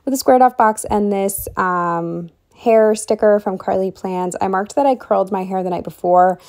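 A young woman with a mellow, relaxed tone talks through her week in a casual, rambling way, full of likes and ums. She sounds a little short of breath as she goes. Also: mid-range voice, moderate pace. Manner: chatty, rambling, lots of fillers. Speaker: planner vlogger. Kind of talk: casual planner walkthrough voice-over.

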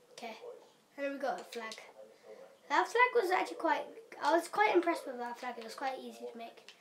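Chatty high-voiced young woman. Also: lively intonation. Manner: chatty and hurried, with fillers and quiet whispered asides. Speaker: gaming vlogger. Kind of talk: casual game walkthrough. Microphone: camera mic.

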